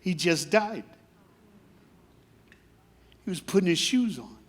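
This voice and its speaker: A man preaching a sermon in a storytelling way, dropping to quiet asides and then rising to loud, shouted preaching. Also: sits high, big pitch swings, takes it slowly. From grew up in foster care. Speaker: guest preacher.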